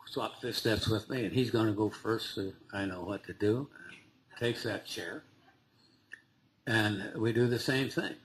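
A man speaking to a recovery meeting, telling his story in a halting, conversational way with frequent restarts and small laughs. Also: on the low side, a little hiss or hum, poor audio. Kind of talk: personal recovery story told to a group.

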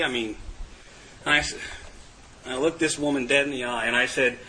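Guy telling his recovery story to a room, bright voice, laughs a lot, faint room noise. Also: on the high side, steady tone, moderate pace, pauses often, low-quality recording. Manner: candid, self-mocking, laughing often. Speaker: recovery meeting speaker. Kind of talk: personal testimony to a group.

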